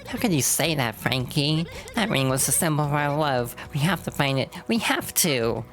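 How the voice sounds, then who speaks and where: A woman's voice: deep voice, animated, normal speed, voice pushed up. A woman voicing a clingy, melodramatic young wife in a game, in a whiny, raised voice. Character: clingy dramatic young wife, pampered mobster's daughter.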